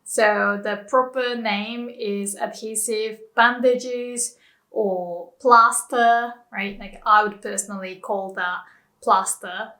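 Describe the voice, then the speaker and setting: A woman's voice: medium pitch, fairly even intonation, slow pace, pushed and bright. A young woman with a Japanese accent teaching a casual language lesson, chatty and giggling often between words.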